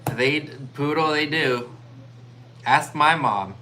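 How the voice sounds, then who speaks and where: A man's voice: a little high, slow, bright, forceful tone, slight background noise. A man co-hosting a live online sale, teasing his partner and calling out the bids in a casual, joking way.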